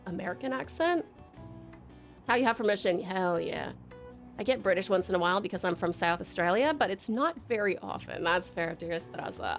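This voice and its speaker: A woman's voice: on the low side, creaky. A woman streamer and voice actor in casual live-stream chat, rambling with many ums as she reads viewer messages aloud from home.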